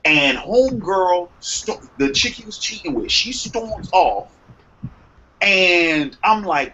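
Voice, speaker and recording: Young man, podcast storyteller, profane, lively pitch, faint hiss. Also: slow pace. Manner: animated, profane, acts out quotes. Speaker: podcast co-host. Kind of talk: casual storytelling chat. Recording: muffled lo-fi sound with faint noise.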